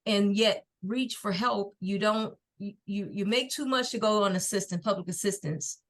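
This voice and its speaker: A middle-aged woman, a podcast guest and nonprofit founder, telling her personal story in an earnest, faith-filled and unhurried way. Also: mid-range voice, a bit bright. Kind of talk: personal testimony in a podcast interview.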